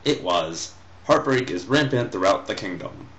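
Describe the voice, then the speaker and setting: A man's voice: fairly low pitch, lively intonation, normal speed, a bit bright, reverberant. A man reading a story aloud and sarcastically critiquing its writing, with lots of casual fillers.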